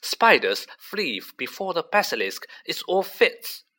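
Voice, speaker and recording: A man doing a breathless boy wizard in a storybook reading, raised a few steps above the narrator's own bright, lively voice. He piles up clues in eager, urgent bursts. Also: fairly high pitch, voice pushed up, heavily acted. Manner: eager, urgent, rapid reasoning. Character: excited boy wizard, quick-thinking young male student.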